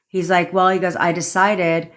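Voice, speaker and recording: A woman's voice: fairly low pitch, level tone, normal speed, a bit bright. A woman, a manifestation coach, telling a story in a casual live-stream rant, swearing freely and repeating points for emphasis.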